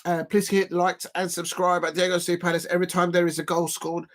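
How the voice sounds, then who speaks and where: A man hosting a casual live football watch-along, chatty and excitable, counting exercise reps between remarks and shouting at big moments. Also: high-pitched, brisk. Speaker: livestream watch-along host.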